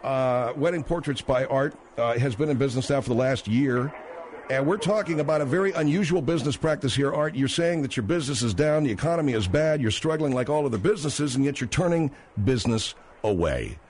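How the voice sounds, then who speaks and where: A man's voice: medium pitch, lively intonation, fairly quick, darkish tone, slight background noise. A man hosting a radio talk show, badgering and sarcastic with his guest.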